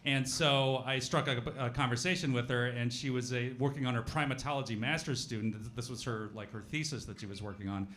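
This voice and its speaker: A man's voice: medium pitch, fairly even intonation, fairly quick, few pauses, fairly bright tone. A man from Denver, a guest player on a live stage show, telling a rambling anecdote with laughter. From Denver, USA.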